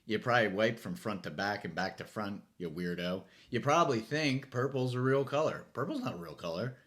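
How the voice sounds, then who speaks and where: A man's voice: lowish voice, moderate pace, a bit bright. A man hosting a late-night comedy monologue, rambling and self-mocking, recorded on a phone. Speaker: host.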